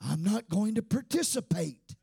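Fervent preacher man, gravelly and high. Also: lively intonation, moderate pace, no echo, studio quality. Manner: fervent, shouting, sing-song cadence with frequent "uh". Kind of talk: sermon.

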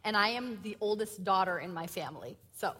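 A woman's voice: mid-range voice, lively intonation, fairly quick, bright, forceful tone, breathy edge. A woman, a pastor's wife, chiming in with teasing remarks during a sermon. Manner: wry, teasing interruptions. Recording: echoey hall from far off.

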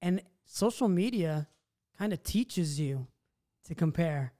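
A man with a fairly high but mellow voice chats as a podcast co-host. He speaks in a relaxed, conversational way. His tone stays easygoing and affirming. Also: takes it slowly. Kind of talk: faith podcast chat.

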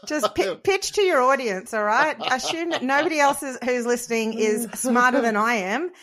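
A woman's voice: high-pitched, moderate pace, crowd noise. A woman hosting a casual teachers' podcast, upbeat and playfully teasing, laughing often.

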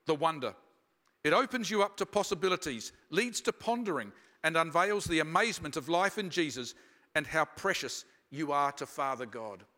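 A high, bright man preaching a sermon, reflective and unhurried, leaning into his stories. His voice carries a long reverb from a big hall. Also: animated. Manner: reflective, slows down for emphasis. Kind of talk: sermon with personal storytelling.

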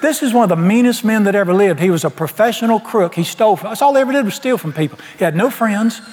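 Animated preacher in a church hall. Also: male voice, sits high, quick pace. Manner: folksy, animated storytelling, acts out dialogue. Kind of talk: storytelling sermon.

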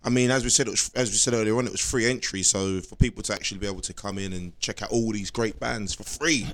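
A man's voice: on the low side, steady tone, quick pace. A young man, chatting in a laid-back, sweary way on a podcast. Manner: laid-back, sweary, gives shout-outs. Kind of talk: casual chat.

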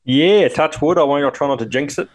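A man's voice: a little high, a little fast. Tired, laid-back New Zealand man. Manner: laid-back, slangy, swears casually. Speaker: podcast co-host. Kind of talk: casual podcast chat.

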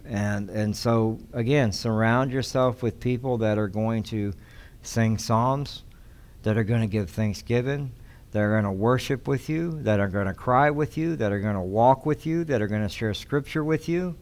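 A man's voice: medium pitch, moderate pace, darkish tone. A man preaching a sermon as pastor, teaching in a conversational way and repeating key phrases for emphasis. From United States.

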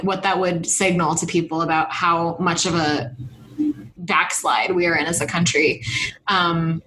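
A woman co-hosting a podcast, giving indignant political commentary with halting restarts and some swearing. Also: lowish voice, pushed and bright, a little hiss or hum, low-quality recording. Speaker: podcast co-host.

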